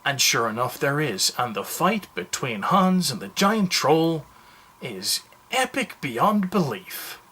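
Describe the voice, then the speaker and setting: A man with a bright, husky voice talks through a movie review in a casual, rambling way. He tells the story with jokes and plenty of animation, and his tone keeps a forward edge. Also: fairly high pitch, big pitch swings, slow.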